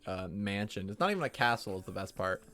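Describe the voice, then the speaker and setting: A man's voice: on the low side, expressive, fast talker, sharp tone. A young man giving casual commentary while building in a game, thinking aloud and joking at his own expense. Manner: chatty, thinking aloud, self-mocking. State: hiccups. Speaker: streamer.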